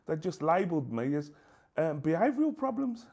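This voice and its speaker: A middle-aged man telling his own story in an interview, halting and lively, acting out both sides of old conversations. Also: on the high side. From England. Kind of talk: personal testimony.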